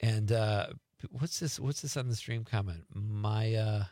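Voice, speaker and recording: In an unhurried voice with no echo, a middle-aged man reads texts from listeners on his relaxed call-in radio show. He chuckles and tosses in playful asides, then drops into low murmurs, all picked up by a studio radio mic.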